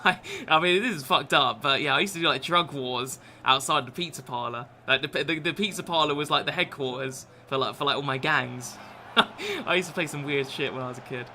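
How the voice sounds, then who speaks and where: A man's voice: mid-range voice, a little fast, sharp tone, slight background noise. A British man in his twenties chatting casually and swearing freely while streaming a game late at night. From Britain. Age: 20s. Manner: rambling, swears a lot, laid-back chatter. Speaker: gaming streamer. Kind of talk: casual live-stream chat with game commentary.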